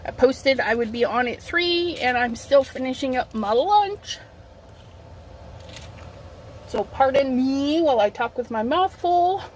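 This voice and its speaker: This middle-aged woman's high voice is expressive and moderately paced as she hosts a casual home craft livestream on her phone. She talks while setting up, reads viewer comments, sounds slightly sniffly from allergies, and there's some slight background noise.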